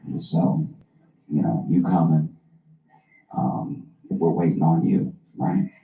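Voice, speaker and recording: A man hosting a casual talk, telling a funny story in a dry, deadpan way. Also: very deep voice, slow, vocal fry. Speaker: host. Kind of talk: comic storytelling. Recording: roomy, slightly dull recording.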